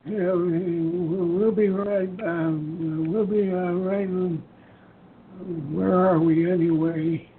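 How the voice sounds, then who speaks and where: A man's voice: sits high, fairly even intonation, slow, voice pushed up. A man voicing a forgetful rambling old man who loses his thread, over a tinny phone-line sound. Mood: confused. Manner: wavering, trailing off, losing his thread. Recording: tinny phone-line audio with faint noise.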